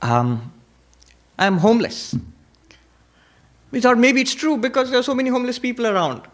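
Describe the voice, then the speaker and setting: A monk teaching Vedanta in a spiritual lecture, telling stories, reciting Sanskrit verses and repeating key points for emphasis. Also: male voice, very high voice, rapid-fire, fairly bright tone. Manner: emphatic repetition.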